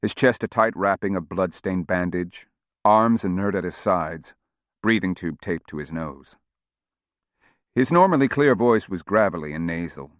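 A man reading a novel aloud as narrator, with an expressive delivery. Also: low voice, normal speed, dry recording, studio quality. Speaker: audiobook narrator.

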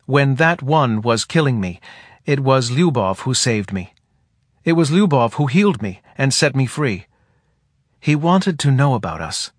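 A man voicing a soft-spoken male forest being who talks in a quiet, hesitant, almost drowsy way. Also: medium pitch, very animated, measured pace, no room sound, studio quality. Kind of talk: audiobook character voice.

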